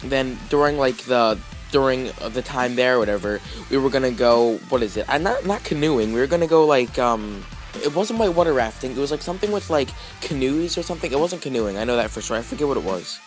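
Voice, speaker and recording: Male vlogger, casual rambling storyteller, average pitch, soft music bed. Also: lively intonation, fast. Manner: rambling, heavy with fillers and restarts.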